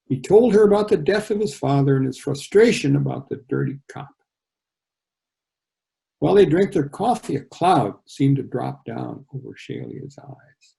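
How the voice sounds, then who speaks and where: A man's voice: mid-range voice, creaky, warm tone, rough recording. A male author reading his own novel aloud over a video call and chatting about it between passages.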